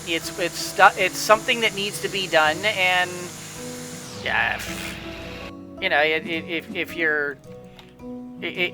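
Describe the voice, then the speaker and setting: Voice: mid-range voice, pushed and bright, low-quality recording. A gameplay commentator giving a rambling motivational pep talk in casual let's-play style, with frequent restarts and repeated words.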